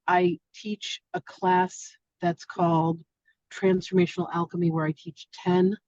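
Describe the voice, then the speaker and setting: A woman with a mellow, relaxed voice wraps up an online spiritual class in loose, affectionate chat. The audio is dry and a little dull, as if it were picked up over a video call. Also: on the low side, dry recording. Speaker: spiritual teacher hosting an online masterclass. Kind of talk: casual live-stream chat.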